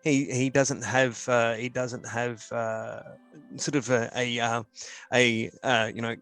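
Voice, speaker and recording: A man playing in a tabletop game, describing his character at a middle pitch. He hesitates constantly, restarting his sentences, and faint music runs behind him. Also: flat delivery, slow, a bit bright. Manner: hesitant, many fillers and restarts. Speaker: player.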